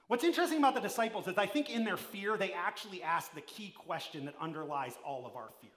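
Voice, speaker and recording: A man giving a sermon as pastor, preaching emphatically, swinging between loud and hushed and putting questions straight to his listeners. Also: high-pitched, very animated, a little fast, reverberant. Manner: addresses the listeners directly with questions.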